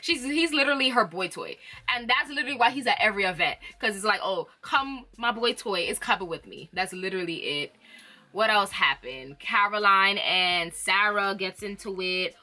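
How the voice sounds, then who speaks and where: A young woman casually recapping reality TV, opinionated and animated, often laughing. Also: mid-range voice, normal speed. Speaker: reality TV commentator.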